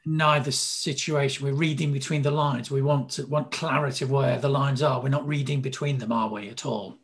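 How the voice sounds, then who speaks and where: A man's voice: medium pitch, steady tone, normal speed, breathy edge. A man hosting a conversational interview, who hedges and checks his points with tag questions. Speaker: host, interviewer.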